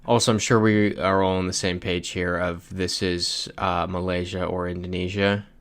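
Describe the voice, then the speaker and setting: A man with a low, clean, slightly bright voice delivers his words flatly at an ordinary speed. He's running a casual livestream, talking loosely and voicing viewer comments as he games.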